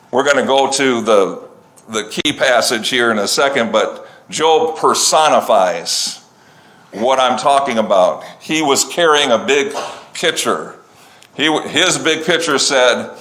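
Slow-speaking pastor preaching. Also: male voice, mid-range voice, animated, fairly bright tone. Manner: unhurried scripture reading with conversational asides. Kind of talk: sermon.

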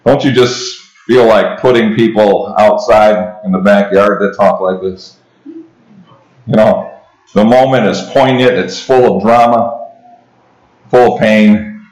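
A man's voice: lowish voice, takes it slowly, pauses often, a little mellow. A man preaching an expository sermon, reading scripture and explaining it in a conversational way, with restarts and asides to the congregation. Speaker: pastor. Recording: roomy echo.

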